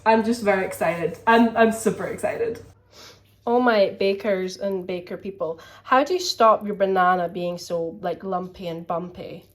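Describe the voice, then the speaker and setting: Young woman, casual vlogger, rambling and chatty, mid pitch, roomy echoey kitchen sound. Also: fairly even intonation, moderate pace, a bit bright. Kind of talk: casual vlog chat. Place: home kitchen. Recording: echoey room.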